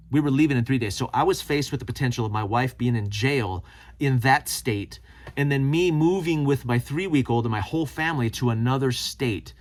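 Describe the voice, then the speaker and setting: A middle-aged man hosting his own channel tells a personal story to camera, animatedly acting out the people he quotes. His voice is mid-range and his pace moderate.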